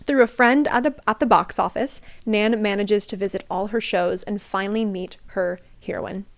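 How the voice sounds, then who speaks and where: A woman's voice: mid-range voice, moderate pace. A young woman in a casual book vlog, chatty and gushing, often laughing as she talks about favorite reads. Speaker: book vlogger.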